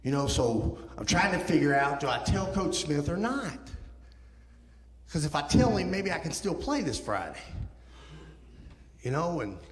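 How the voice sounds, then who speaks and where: Animated man in his fifties, echoey hall. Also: a little high, unhurried, pauses often. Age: 50s. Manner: animated storyteller acting out quoted voices. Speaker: guest speaker. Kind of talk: sermon testimony storytelling. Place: church sanctuary.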